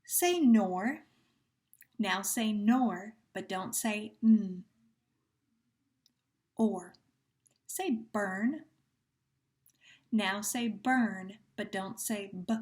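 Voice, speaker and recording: A woman teacher runs a sound-deletion drill at a very slow, careful pace. She stretches out each repeated word and praises the listener with patient encouragement. Her pitch sits in an ordinary middle range. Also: a little mellow. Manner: slow, deliberate, stretches words when repeating them. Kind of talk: phonemic awareness drill lesson.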